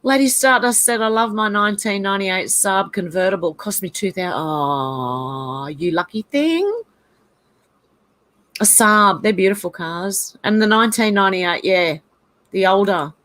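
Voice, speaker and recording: An Australian woman with a mid-range, slightly bright voice at normal speed hosts a casual livestream. She's chatty, reading viewers' comments aloud, talking them over, and laughing often.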